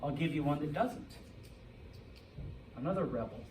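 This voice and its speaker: A man's voice: on the high side, animated, moderate pace, darkish tone. A middle-aged man teaching a Spanish class, lecturing and checking in with "okay?" after nearly every point. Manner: checks in with "okay?" and "all right?" often. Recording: echoey classroom, from far off, faint noise.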